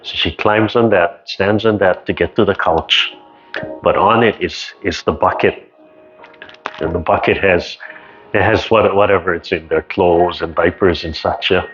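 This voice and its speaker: A low-voiced man who teaches tai chi, moving between relaxed storytelling and calm, slow exercise cues. He checks in often with the class and keeps a patient, even delivery. The audio comes through a dull, lo-fi video call. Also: soft background music. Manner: calm, unhurried cueing with many "right?" checks.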